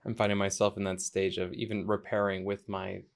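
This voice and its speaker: Podcast host, male, low with gravelly fry; supportive, affirming conversational style. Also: flat delivery, fairly quick. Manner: supportive, with frequent short affirmations. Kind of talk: casual conversation.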